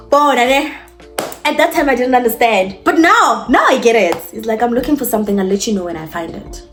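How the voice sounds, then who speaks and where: A young South African woman telling a storytime vlog in a chatty, animated way, talking straight to her viewers. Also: on the high side, moderate pace, soft background music. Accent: South African, mixing in Setswana. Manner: animated, chatty, code-switching, addresses viewers directly. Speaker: YouTuber.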